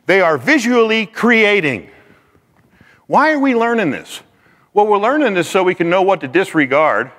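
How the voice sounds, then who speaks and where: Male teacher, lively delivery, slightly high voice, long hall reverb. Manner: animated, acts out quoted people in voices. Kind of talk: teaching talk to a class.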